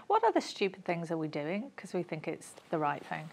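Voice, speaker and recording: Lively, low-voiced woman host. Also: fairly quick, creaky, slight background noise. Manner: engaged, laughs readily, short agreements. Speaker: interview host. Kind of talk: casual interview.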